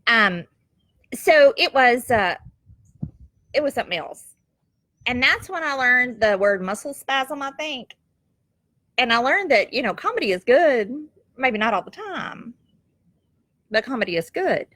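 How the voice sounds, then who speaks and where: A middle-aged woman telling a family story on camera at home, lively and quick to laugh, with homespun phrasing. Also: a little high, no echo. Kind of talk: casual storytelling. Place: at home, goats nearby.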